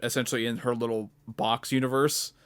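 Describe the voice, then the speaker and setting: A young man in a casual podcast chat, his voice sitting at an ordinary middle pitch. He rambles, circles back, and fills the gaps with likes and uhs as he works his way through a retelling. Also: level tone, a little fast, a bit bright, smooth. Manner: rambling, many fillers and restarts. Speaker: podcast co-host.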